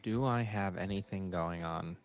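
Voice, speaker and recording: A man's voice: low voice, moderate pace, faint music behind. A man as a podcast guest, joking and teasing in casual chat. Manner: jokey, teasing.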